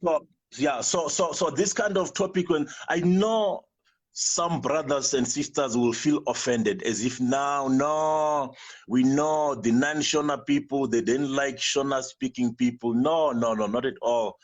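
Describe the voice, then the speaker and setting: A guest from Zimbabwe, a native Venda speaker with a Zimbabwean English accent, tells an emotional personal story at a measured pace in a medium-pitched voice. He speaks earnestly and repetitively, often restarting his sentences.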